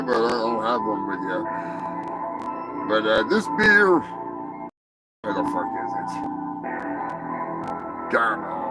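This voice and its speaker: A man hosts a comedy news segment in a crude, sarcastic rant, dropping swear words as he goes. His voice sits a little high and he takes his time over each line. Music plays clearly underneath him. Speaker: show host.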